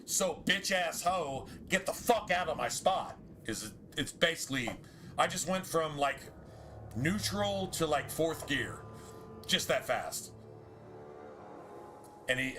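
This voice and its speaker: A man with a drawl tells a story on a game stream in a fairly high, bright, forceful voice. He rants hotly and swears freely, often stumbling and restarting his sentences. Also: a little hiss or hum. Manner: heated, profane ranting with restarts. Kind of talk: casual storytelling while streaming.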